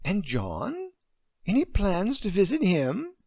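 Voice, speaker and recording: A man voicing an excitable, overanimated adult woman friend who giggles as she talks, in a storybook reading. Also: mid-range voice, slow, no room sound, studio quality, pitched above the performer's own voice, exaggerated voice. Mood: eager.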